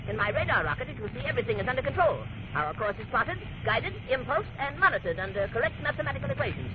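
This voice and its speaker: A flustered, absent-minded old scientist with a high, lively voice that rushes along. He talks in pompous pseudo-scientific jargon. It sounds like a dull, lo-fi old radio drama recording with faint hiss.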